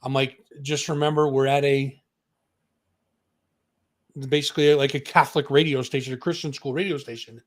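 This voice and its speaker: A man's voice: mid-range voice, steady tone, moderate pace, long pauses. A man co-hosting a music talk show, telling a story in casual chat and acting out the voices of the people in it.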